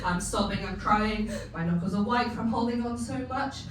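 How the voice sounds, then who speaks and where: Her voice sits at a medium pitch, steady and moderately paced, as this young English stand-up works a comedy club stage. She chats, mocks herself, and laughs often while impersonating her family, captured from afar in an echoey room with a light hum.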